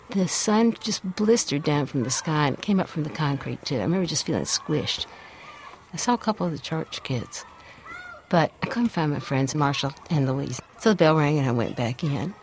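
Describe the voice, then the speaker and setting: An older woman from the American South, telling a personal story in a reflective, unhurried way. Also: low voice, lively intonation, a little hiss or hum.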